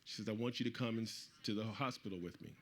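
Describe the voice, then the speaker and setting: A middle-aged man speaking at a live event, telling a personal story to the audience with animated delivery and acting out the voices of the people he quotes. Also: lowish voice, quick pace, a little hiss or hum. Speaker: author speaking at a book event.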